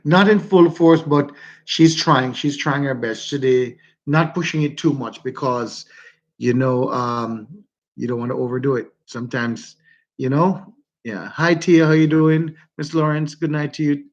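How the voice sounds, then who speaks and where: A man with a Jamaican accent, hosting a casual livestream and warmly greeting his viewers by name. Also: mid-range voice, a little slow, dull audio. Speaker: livestream host.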